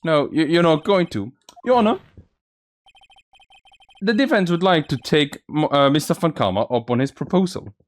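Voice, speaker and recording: A man's voice: a little high, expressive, normal speed, long pauses, close to an everyday voice. A man voicing a determined young male defense lawyer in a courtroom game, earnestly thinking aloud.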